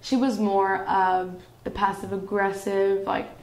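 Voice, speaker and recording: Animated young woman student vlogger. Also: mid-range voice, slow. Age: young adult. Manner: animated, acts out quotes in character voices. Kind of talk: casual comedic vlog. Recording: roomy echo.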